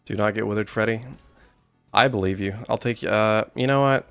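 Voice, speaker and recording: A man's voice: lowish voice, moderate pace, creaky, a bit bright, smooth, faint music behind. A man streaming a horror game, commenting with joking, self-deprecating asides.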